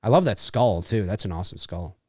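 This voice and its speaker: A man hosting a casual movie watch-along podcast, chatty and excitable. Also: fairly low pitch, brisk, dry recording, clean studio sound. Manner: chatty, excitable, many restarts. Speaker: podcast host.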